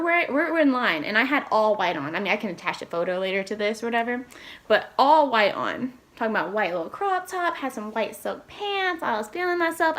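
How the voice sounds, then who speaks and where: Brief: young woman vlogger, fairly high voice, chatty and rambling, swings her pitch up and down as she tells a story. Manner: animated, rambling, lots of "like" fillers and sudden pitch jumps. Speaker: K-pop fan vlogger. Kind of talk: casual storytelling vlog.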